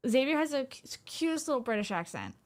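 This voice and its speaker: An excitable woman streamer, chatting casually from home as she reacts to a game. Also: sits high, fast. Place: home room.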